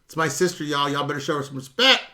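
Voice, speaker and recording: A man's voice: fairly high pitch, animated, fast, pushed and bright. A middle-aged man, ranting bluntly and with profanity on his own live stream while answering viewers. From United States. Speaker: YouTube currency commentator. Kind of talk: casual livestream rant.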